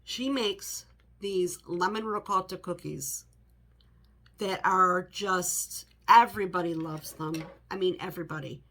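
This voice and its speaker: A woman's voice: lowish voice, unhurried, a bit bright. A middle-aged woman chatting casually to the camera in her home office, rambling with many "you know" asides. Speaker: home fragrance vlogger.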